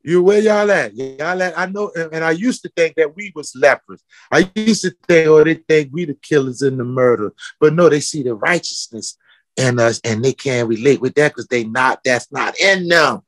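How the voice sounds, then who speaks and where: A man's voice: fairly high pitch, lively intonation, moderate pace, a bit bright. A man, a footwear company founder talking with passion in an interview, calling people out with repeated questions. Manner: fiery, preaching, calls people out with repeated questions.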